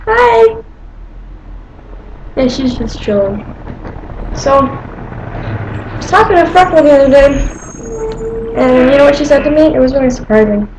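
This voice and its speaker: A woman's voice: high-pitched, lively intonation, normal speed, long pauses, roomy sound, background noise. A woman with an American accent, chatting playfully to camera while talking to her pet cat at home. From United States. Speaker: vlogger. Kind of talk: casual chat to camera.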